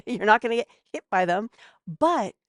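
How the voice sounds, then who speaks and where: A woman's voice: medium pitch, animated, measured pace, no room sound, studio quality. A woman giving casual advice as a podcast guest, chatty and a bit snarky.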